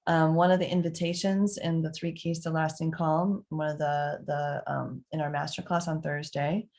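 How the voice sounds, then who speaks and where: In a low voice at normal speed, a middle-aged parenting coach fields questions from parents. She illustrates her answers by acting out calming scenes, and her speech is full of fillers and restarts.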